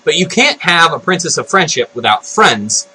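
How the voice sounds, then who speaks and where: Excitable high-voiced man ranting. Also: moderate pace, slight background noise, low-quality recording. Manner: excitable, breathless retelling with exclamations. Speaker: video blogger. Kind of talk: unscripted ranting commentary.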